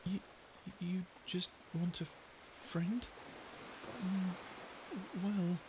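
A woman's voice: on the low side, fairly even intonation, drawn-out words, background noise. A woman voicing a prickly young sea creature who stammers and hides her fear behind insults, in a listener-perspective audio drama. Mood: flustered. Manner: stuttering, flustered tsundere bluster.

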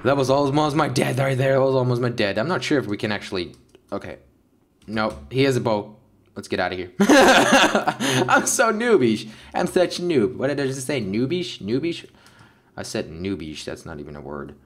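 A young man giving excitable Let's Play commentary over a game, yelping and laughing at the action. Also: medium pitch, a little fast. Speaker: gaming YouTuber.

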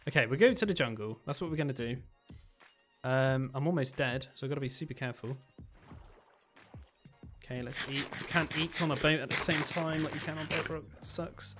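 A man giving chatty let's-play commentary as he plays, thinking aloud with excitable bursts. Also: mid-range voice, brisk, faint music behind. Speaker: gaming video creator.

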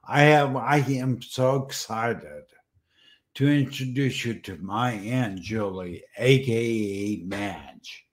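A man hosting a casual livestream show, emotional and halting, often restarting his words. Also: mid-range voice. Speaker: show host.

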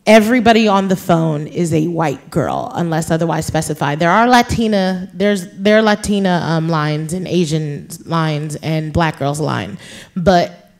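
A woman's voice: low voice, measured pace. A woman in her thirties, from New York, telling a story on stage at an author event, chatty and laughing often, with many fillers. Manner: chatty, laughing, lots of "like" and "you guys". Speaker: author guest. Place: live author event before an audience.

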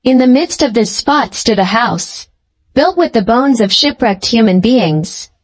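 Woman storyteller with a fairly high voice, steady clear fairy-tale narration. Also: measured pace. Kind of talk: scripted storybook narration for English learners.

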